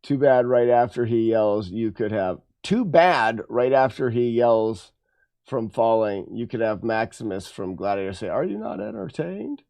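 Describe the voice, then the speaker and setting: A man casually thinking aloud while working on his game, halting, self-correcting, and musing. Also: on the low side, a little mellow, clean tone. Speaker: game developer streaming his work.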